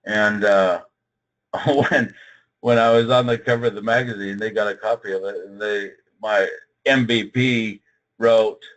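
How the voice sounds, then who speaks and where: An older man speaking at a trading seminar, telling a personal story in a dramatic, emphatic way, with big swings in pitch and loudness. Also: fairly even intonation, unhurried, rough recording.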